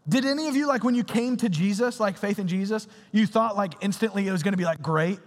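A man's voice: high voice, fast talker. A young man preaching a sermon in a casual, slangy, conversational way. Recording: reverberant hall.

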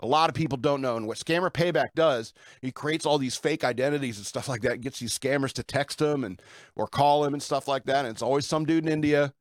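A man's voice: medium pitch, brisk, dry recording. Man, podcast host, rambling, irreverent, dry close sound. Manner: irreverent, rambling, with fillers and laughs. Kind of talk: casual rambling monologue.

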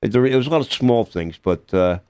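An older man, an actor guest in a casual radio interview, talking haltingly with lots of fillers and restarts. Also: mid-range voice, lively intonation, warm tone, smooth, no room sound.

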